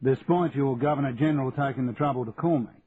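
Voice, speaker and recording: A man's voice: mid-range voice, fast talker, crowd noise, close to an everyday voice. A man voicing a prickly, brash police chief in his forties with a brusque manner. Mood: gruff. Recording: tinny lo-fi audio with faint hiss.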